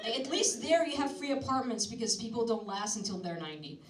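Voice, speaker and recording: Crude deadpan stand-up comedian woman. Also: on the high side, fast, very noisy. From Syria. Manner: crude, deadpan jokes with mocking put-on voices. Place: comedy club stage before a live audience. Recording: roomy club sound from a distance, loud crowd laughter.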